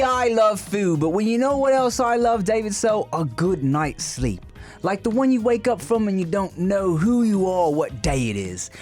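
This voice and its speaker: A man co-hosting a podcast, his voice a little high for a man, joking around and reading a sponsor spot. Faint music plays underneath. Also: a little mellow. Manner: jokey, quick short reactions. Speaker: podcast co-host. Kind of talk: casual chat and ad read.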